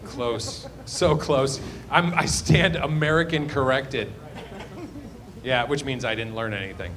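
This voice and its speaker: A man's voice: medium pitch, measured pace, fairly bright tone. A man doing loose, rambling stand-up crowd work in a comedy club, trailing off into muttered asides.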